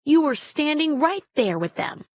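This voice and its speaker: A woman's voice: high voice, big pitch swings, a little slow, no room sound, studio quality, pitched above the performer's own voice. A woman voicing a rich, snobbish American girl with an American accent, prim and accusing, in a storybook reading.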